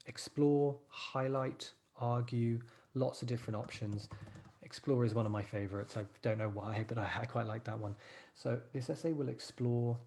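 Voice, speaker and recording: A man's voice: medium pitch, vocal fry, warm tone. A man teaching a live writing class, encouraging his students and thinking aloud as he types.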